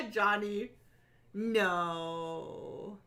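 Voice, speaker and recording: A woman's voice: mid-range voice, sing-song, extremely slow, sharp tone. A woman co-hosting a casual live stream, giggling and teasing while reading chat comments.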